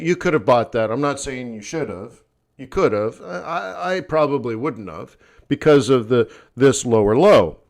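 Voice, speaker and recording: A tired man teaching forex trading live, blunt and sardonic as he thinks aloud over his charts. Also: medium pitch. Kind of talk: live-streamed trading lesson.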